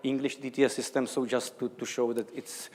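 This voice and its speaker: A man's voice: medium pitch, level tone, a little fast, a little mellow, big-room sound. A man from the Czech Republic with a Czech accent, giving an academic lecture in a hesitant way, with many fillers and restarts. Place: large lecture hall.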